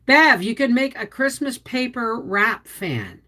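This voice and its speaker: Chatty middle-aged woman, lively pitch. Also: slow pace. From Quebec, Canada. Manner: chatty, greets viewers by name, animated. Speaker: homestead channel host. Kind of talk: casual livestream chat reading comments.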